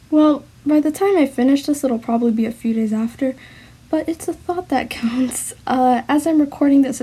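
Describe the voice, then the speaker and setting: High-voiced young woman with a slight lisp. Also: dark tone, slightly rough. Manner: rambling, mumbling, trailing restarts. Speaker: partner recording a voice message. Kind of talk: casual heartfelt voice message.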